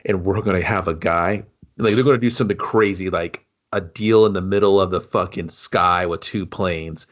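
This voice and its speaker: A man's voice: deep voice, normal speed. A man co-hosting a movie review podcast, riffing in rambling, profane, joking casual chat.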